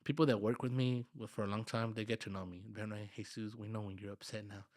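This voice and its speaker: A man's voice: fairly low pitch, fast, dry recording, studio quality. A man from Dallas, Texas, telling work stories in a casual, slangy way as a podcast guest, acting out his talks with his workers and dropping in Spanish phrases. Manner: animated, slangy, acts out dialogue with workers. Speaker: podcast guest, construction business owner. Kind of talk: casual conversational storytelling.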